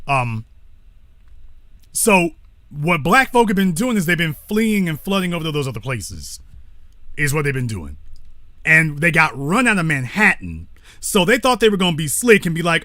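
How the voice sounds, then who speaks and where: A man's voice: on the high side, sing-song, normal speed, pauses often, sharp tone, no echo, clean studio sound. A man hosting a call-in talk show, speaking bluntly with profanity and stopping to correct himself.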